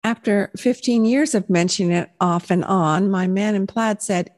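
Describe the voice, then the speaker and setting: A woman's voice: medium pitch, normal speed, hardly any pauses, a little mellow. A woman in her sixties giving a personal faith testimony, telling her story in an earnest, reflective way. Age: 60s.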